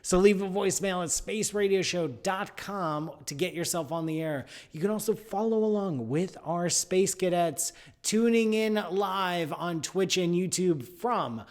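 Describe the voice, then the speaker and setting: A man hosting a live science radio show from a studio, playful and animated with jokey asides. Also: high-pitched, moderate pace.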